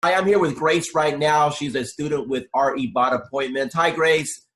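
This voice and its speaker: Male host interviewing clients with measured, leading questions. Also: on the high side, fairly bright tone.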